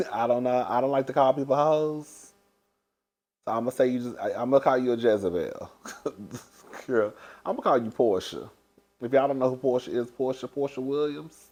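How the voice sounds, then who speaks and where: Pausing often, a man with a mid-range, darkish voice talks at a moderate pace as a show reviewer. He dishes gossip in a casual recap, calls listeners "girl," and breaks into laughter a lot.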